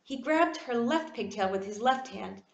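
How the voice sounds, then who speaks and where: A woman reads a children's storybook aloud with animated expression. Her voice sits fairly high and moves widely, and an echoey room surrounds it. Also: measured pace, gravelly, heavy background noise. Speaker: reader.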